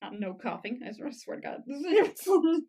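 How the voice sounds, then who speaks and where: Woman podcast cohost, kinda high voice, reacts fast, laughs, swears. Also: sing-song, dark tone. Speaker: podcast co-host. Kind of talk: casual recap chat.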